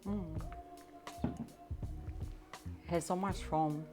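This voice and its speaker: A woman's voice: low-pitched, steady tone, drawn-out words. A woman hosting a live stream from her home kitchen, chatting and giggling as she answers viewer comments. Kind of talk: live-stream baking chat. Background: soft background music.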